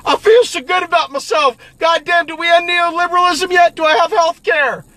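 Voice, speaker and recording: A man voicing a self-satisfied man who brags about a fistfight in a boastful, mocking way, breaking into shouts. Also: very high-pitched, steady tone, brisk, no room sound, pitched above the performer's own voice.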